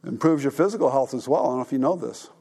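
A man's voice: mid-range voice, very fast, warm tone, slightly rough. A middle-aged man preaching a sermon to a congregation, talking plainly and often asking the listeners questions. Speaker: pastor.

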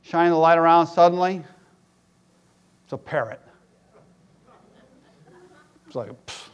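High-voiced joking male preacher. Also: measured pace, dull audio. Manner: conversational, joking, rising to loud emphatic peaks. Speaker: pastor. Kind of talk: sermon.

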